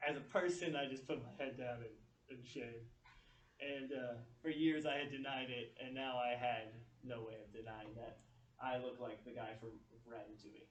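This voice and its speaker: A man's voice: medium pitch, moderate pace. Man, motivational speaker, keynote talk, storytelling, echoey room, distant mic. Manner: storytelling, animated quoting of others. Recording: echoey room, picked up from afar.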